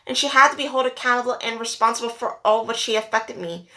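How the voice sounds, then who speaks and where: A woman's voice: a little high, fast, hardly any pauses, pushed and bright. A woman speaking earnestly and upset in a personal vlog, holding back tears and repeating herself for emphasis. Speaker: vlogger. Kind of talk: emotional personal rant to camera.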